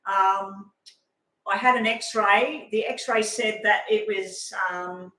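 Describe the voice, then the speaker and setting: A middle-aged woman, rambling casually on a live stream as a tarot reader and telling a long story with animated asides. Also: medium pitch, takes it slowly. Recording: echoey room.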